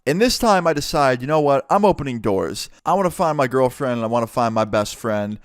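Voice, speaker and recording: A young man narrating a storytime video in a casual, animated, profane way. His voice sounds smooth and clear in an utterly dry, close recording, sitting at an ordinary male pitch. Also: brisk, dry recording.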